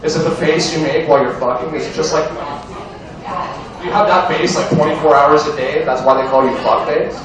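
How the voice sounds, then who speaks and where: A man's voice: a little high, steady tone, brisk, heavy reverb. A young man doing an amateur stand-up set in a bar, crude and rambling, chatting with the crowd, recorded from far off. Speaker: stand-up comedian. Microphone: far camera. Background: crowd chatter and laughter.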